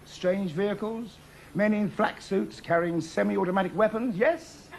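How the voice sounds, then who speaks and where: A man giving a sardonic, mock-menacing comic address to viewers in a deadpan way. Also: sits high, a little slow, gravelly, slight background noise.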